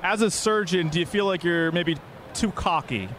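High-voiced man interviewing outdoors. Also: normal speed, a bit bright, a little hiss or hum. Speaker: convention interviewer. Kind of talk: street interview.

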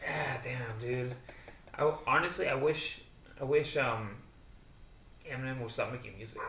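A man co-hosting a podcast in casual chat, ranting in an animated way and mocking others with put-on quotes. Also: medium pitch, measured pace. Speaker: podcast co-host. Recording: echoey room, distant mic, faint noise.

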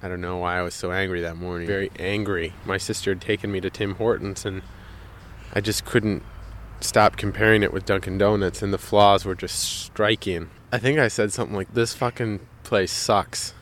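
A man's voice: low-pitched, steady tone, brisk, a bit bright, slight background noise. A man telling a personal anecdote for a radio show, emphatic and repeating words for effect. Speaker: storyteller.

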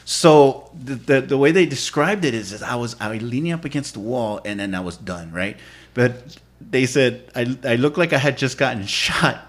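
A man's voice: mid-range voice, animated, normal speed. A man co-hosting a podcast, telling a wild story in casual chat with slang and swearing. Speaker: podcast co-host.

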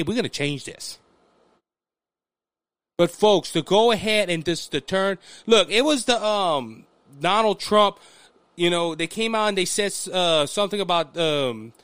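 A man with a Louisiana Southern accent hosting an opinion podcast monologue, animated and restless, often restarting his sentences. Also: high voice, clean tone, dry recording. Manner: animated, restless, frequent restarts and mock voices. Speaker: podcast host.

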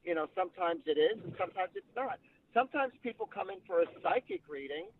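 A man's voice: sits high, quick pace, gravelly, a little hiss or hum. Man telling stories over a tinny line. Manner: chatty, animated retelling with quoted dialogue. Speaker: psychic medium guest. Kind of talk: casual storytelling.

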